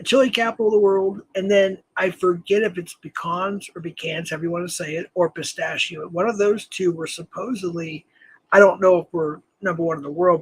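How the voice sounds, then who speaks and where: A man's voice: high-pitched, slightly rough, poor audio. A man from New Mexico hosting a casual live-stream chat, rambling with many fillers and self-corrections and chuckling often. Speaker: host.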